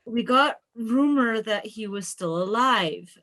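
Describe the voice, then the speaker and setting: Slow, wry woman player. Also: on the high side, fairly bright tone. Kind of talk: narrating her character in a tabletop game.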